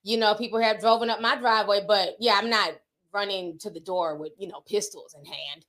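Woman, middle-aged, from the northern US, livestream host, casual storytelling, bright tone. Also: medium pitch, a little fast. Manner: chatty storytelling, animated quoted voices. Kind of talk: casual chat reading live comments.

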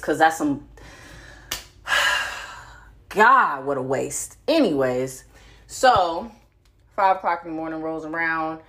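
A woman in her thirties hosting a podcast, telling a story in a blunt, profane, animated way. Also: on the low side. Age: 30s. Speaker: podcast host. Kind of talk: casual storytelling.

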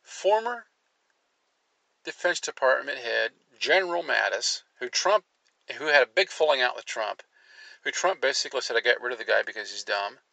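A man's voice: medium pitch, animated, moderate pace, gravelly, pushed and bright, dry recording, low-quality recording. A man hosting an opinionated commentary show, reading articles aloud and cutting in with sarcastic asides, his voice jumping up when he gets worked up.

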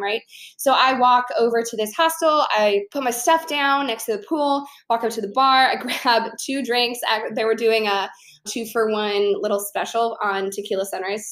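A young woman from Chicago telling a travel story and giving social tips in a chatty, animated way with lots of fillers. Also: on the high side. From Chicago, USA. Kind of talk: casual storytelling to camera.

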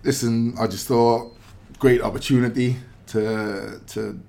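A man talking as a pundit in a casual podcast chat, measured and reflective with frequent fillers. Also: medium pitch, steady tone, gravelly, a little mellow. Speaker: pundit, former footballer.

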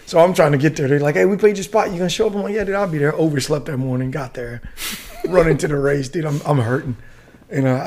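A middle-aged man from the United States telling a story as a podcast guest, casual and profane, full of animated asides. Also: fairly high pitch. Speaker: guest, retired Army warrant officer.

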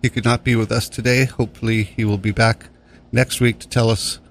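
A man's voice: medium pitch, little pitch movement, fairly quick. A man hosting a radio show, chatting casually on air in a studio at a microphone. He rambles, jokes and swears freely.

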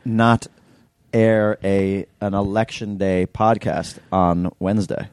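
A man's voice: fairly low pitch, flat delivery, slow, a little mellow, clean tone, dry recording, clean studio sound. A man co-hosting a casual comedy podcast from a hotel room, joking and slipping into silly put-on accents. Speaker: podcast co-host.

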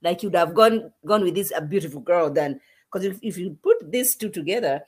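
A married woman co-hosting a casual live recap chat, speaking in a measured way and often restarting her sentences. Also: on the low side, lively intonation, darkish tone, breathy edge. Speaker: co-host.

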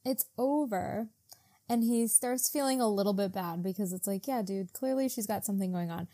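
Mellow-voiced woman podcast host. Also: mid-range voice, fairly quick, no echo, clean studio sound. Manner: retells scenes in mock voices, swears freely. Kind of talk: casual book-club chat.

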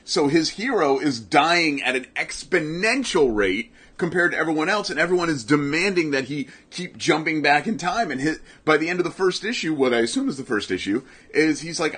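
A man's voice: a little high, lively intonation, fairly bright tone, breathy edge. A man co-hosting a casual comic book podcast, talking enthusiastically and teasing his co-host. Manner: enthusiastic, teasing, quick asides. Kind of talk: casual chat about comics.

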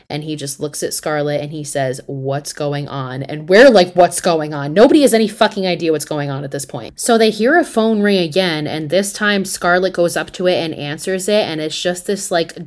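A woman hosting a podcast, recapping a horror movie in a casual, animated, profane and slangy storytelling manner. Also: on the low side. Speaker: podcast host.

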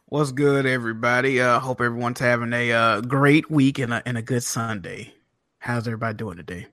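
A man's voice: mid-range voice, a little fast, a bit bright, no room sound. A man on a gaming podcast, friendly and easygoing, chatting casually. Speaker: podcast guest.

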